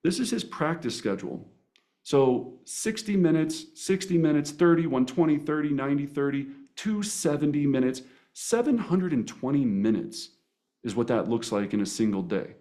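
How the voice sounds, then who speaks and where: Lively man coaching negotiation tactics. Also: fairly high pitch, normal speed. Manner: energetic, animated, with playful voice impressions; repeats words and asks "right?" often. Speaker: real estate negotiation coach. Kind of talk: coaching seminar presentation.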